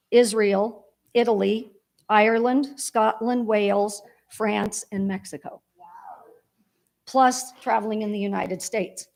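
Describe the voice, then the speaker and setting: A woman's voice: mid-range voice, gravelly, a little mellow. A woman giving a heartfelt, rambling eulogy for her father at a church memorial service.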